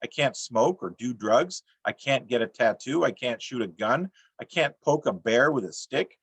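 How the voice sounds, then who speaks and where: A middle-aged man reading his own poems on a video call, with a dry, deadpan delivery and self-mocking jokes. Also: medium pitch, moderate pace, slightly rough, dry recording. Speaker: featured poet. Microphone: computer mic on a video call.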